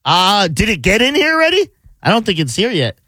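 A man's voice: high-pitched, huge pitch swings, a little fast, sharp tone, dry recording. A man co-hosting a radio talk show, chatty and laughing along with the host. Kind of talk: casual radio banter. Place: radio studio.

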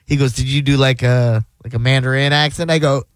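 A man's voice: medium pitch, steady tone, brisk, clean tone, no room sound. A man hosting a radio show, telling a story in casual banter and laughing often.

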